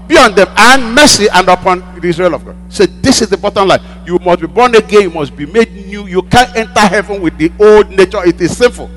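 A man's voice: sits high, brisk, hardly any pauses, fairly bright tone, faint music behind. A male pastor preaching a sermon, repeating lines for emphasis and prompting the congregation to answer back. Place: church hall. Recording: long hall reverb with mains hum.

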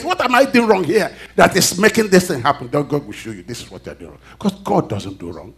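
Preacher, male, high-pitched, call-and-response delivery with sharp swings in volume. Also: big pitch swings, fast, hardly any pauses. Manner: call-and-response preaching, reads scripture aloud, swings loud and soft. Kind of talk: sermon.

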